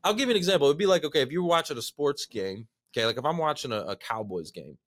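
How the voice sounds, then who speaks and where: Excitable male podcast host, dry sound. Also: on the high side, quick pace, no room sound. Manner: excitable, storytelling, lots of fillers like "man" and "dude". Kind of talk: animated casual interview chat.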